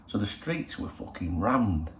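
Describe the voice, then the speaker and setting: A man's voice: fairly low pitch, big pitch swings, unhurried, fairly bright tone, slight background noise. A middle-aged man hosting a football channel, chatting casually in a rambling, cheeky way full of swearing. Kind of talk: casual chat. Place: in Spain.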